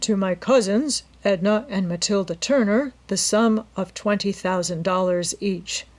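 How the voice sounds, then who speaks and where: A woman voicing a calm, courteous middle-aged male lawyer with a polite, measured manner in a storybook reading. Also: mid-range voice, lightly acted. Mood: formal reading.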